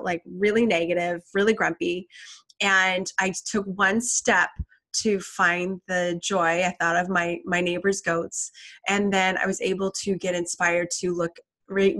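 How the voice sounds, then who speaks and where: A woman's voice: on the low side, a bit bright. A woman speaks as a self-help speaker in a casual, earnest motivational talk. She restarts phrases, doubles her words and leans on fillers and checks like "right?".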